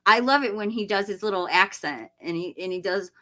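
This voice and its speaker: A woman's voice: medium pitch, a little fast, sharp tone. A woman hosting a live stream, chatting casually with viewers, tired after hours of talking, laughing often and rambling. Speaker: livestream host. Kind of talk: casual live chat reading viewer comments.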